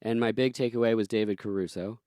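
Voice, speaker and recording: A man's voice: on the low side, steady tone, quick pace, dark tone, dry recording, studio quality. A man hosting a podcast movie draft in casual chat, wry and self-mocking. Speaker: podcast host.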